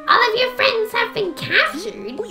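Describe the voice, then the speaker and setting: A woman voicing an excitable elderly male scientist with a raspy, Italian-accented, hammy put-on voice. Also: very high voice, a little slow, music in the background, pitched above the performer's own voice, heavily acted. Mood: urgent.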